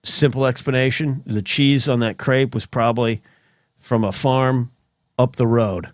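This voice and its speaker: A man's voice: mid-range voice, unhurried, no room sound. Ranting American man, dry close mic. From United States. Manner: animated, swears, restarts and stammers, mock voices. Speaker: solo podcast host. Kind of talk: rambling comedic rant.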